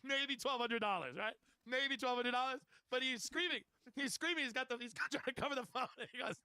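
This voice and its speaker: A man, a guest on a podcast, telling a story in casual chat, animated and laughing as he goes. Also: very high-pitched, fairly quick, few pauses, clean tone, no echo.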